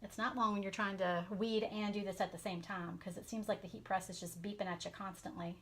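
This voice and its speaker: There's background noise as this woman, a craft vlogger from the Southern US, talks briskly to her live-stream audience while crafting. Her tone is steady and medium-pitched, her chat casual and full of fillers in a Southern accent.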